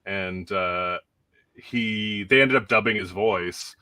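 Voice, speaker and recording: Laughing, rambling man, bright tone. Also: on the low side, slow pace, clear, resonant tone, no echo. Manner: rambling, laughs often while talking. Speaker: podcast host. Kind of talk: casual chat about a film.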